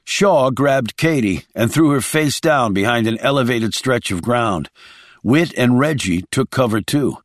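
Man narrating a thriller with lively pitch. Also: a little slow, dry recording, studio quality. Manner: lively, dramatic storytelling voice. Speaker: audiobook narrator.

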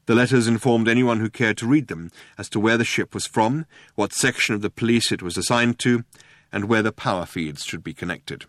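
A man doing scripted narration of an audiobook in a dry, measured way. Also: mid-range voice, no echo.

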